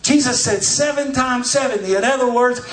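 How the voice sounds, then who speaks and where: A man preaches in a high voice, swinging from soft asides to loud shouted declarations. He sounds as if he is recorded from a distance in a reverberant church. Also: moderate pace, slight background noise. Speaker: pastor. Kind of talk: sermon. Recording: echoey church from far off.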